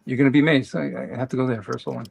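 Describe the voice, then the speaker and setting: A man's voice: medium pitch, flat delivery, racing, gravelly, a little mellow, breathy edge, dull audio. A man who is a fellow artist, teasing his friend with dry humor in casual chat on a stream.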